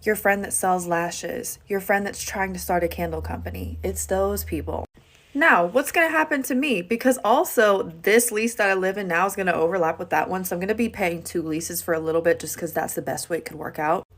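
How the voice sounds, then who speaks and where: A woman's voice: on the low side, brisk. A woman who works as a full-time content creator, talking casually and candidly to camera. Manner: candid, chatty, emphatic.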